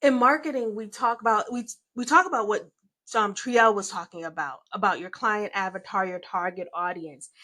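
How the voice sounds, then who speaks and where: A woman co-hosting a business talk, explaining marketing in an energetic, explanatory way. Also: medium pitch, normal speed. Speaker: co-host. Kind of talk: business advice discussion.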